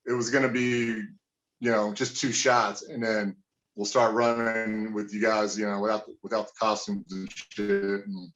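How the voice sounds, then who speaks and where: A man's voice: lowish voice, little pitch movement, moderate pace, fairly bright tone. Former wrestler, male, casual guest interview, profane and rambling, muffled lo-fi audio. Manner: profane, rambling, lots of fillers. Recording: dull lo-fi sound.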